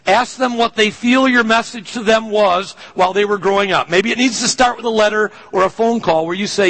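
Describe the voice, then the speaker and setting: A man's voice: sits high, a little fast, few pauses, fairly bright tone, big-room sound, poor audio. A man pastor preaching a sermon, telling a personal story in an earnest, conversational way.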